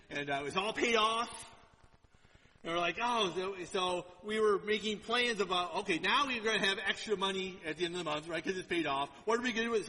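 A man in his fifties preaching a sermon, telling stories with lively acted-out quotes. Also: high-pitched, big-room sound, rough recording. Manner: lively storytelling, acts out quotes. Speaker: pastor.

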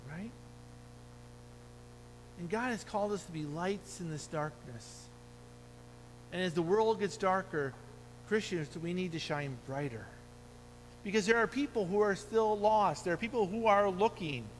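Middle-aged guy preaching, highish voice, earnest, long hall echo w faint hum. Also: a little slow, pauses often. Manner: earnest, exhorting, quotes scripture. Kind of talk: sermon.

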